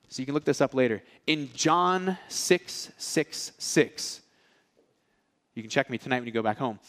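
Animated man preaching with lively stories. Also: on the high side. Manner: animated, acts out characters' lines; casual, joking asides. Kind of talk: storytelling sermon.

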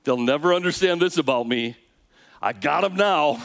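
Speaking on the high side with vocal fry, a male pastor preaches at normal speed. He dramatizes the exchange between God and Moses and turns to the audience with questions.

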